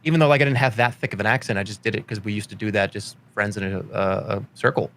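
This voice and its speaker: A man's voice: rapid-fire, fairly bright tone. A man in his thirties from Boston with a light Boston accent, a rambling, jokey interview guest. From Boston, Massachusetts. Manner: rambling, jokey, slips into high put-on voices for quotes. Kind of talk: casual interview chat.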